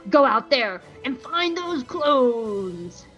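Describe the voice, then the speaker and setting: A woman's voice: high voice, sing-song, drawn-out words, a bit bright, muffled recording, soft background music, full character voice. A woman voicing a menacing male alien admiral, a spider-like villain who growls and makes clicking noises.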